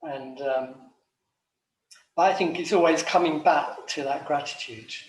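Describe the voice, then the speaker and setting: A man's voice: fairly high pitch, a little slow. English man, chef, rambling casual talk, restarts often, distant mic, roomy echo. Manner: rambling, many ums and restarts. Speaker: macrobiotic chef and retreat director. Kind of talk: casual reflective talk at an online forum.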